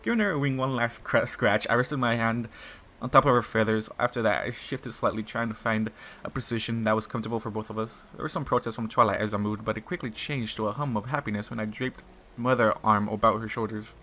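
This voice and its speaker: A man's voice: lowish voice, fairly even intonation, fast talker, bright, forceful tone, a little hiss or hum. A man reading a fan fiction story aloud in a casual way, stumbling and restarting, and breaking off to swear in asides. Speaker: narrator.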